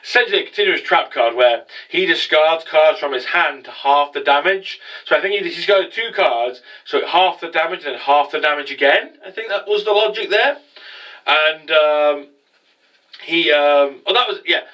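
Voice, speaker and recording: A man's voice: a little high, expressive, moderate pace, bright, forceful tone, recorded from a distance, poor audio. A man casually recapping an anime episode as a reviewer, rambling with lots of swearing and fillers. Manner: rambling, profane, many fillers.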